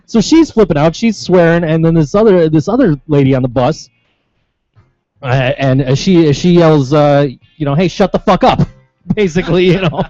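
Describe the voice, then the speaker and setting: Profane rambling Western New York storyteller. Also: male voice, on the high side, moderate pace, mellow, no room sound, dull audio, soft background music. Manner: rambling, profane, laughing anecdotes. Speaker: show regular. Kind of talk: casual banter.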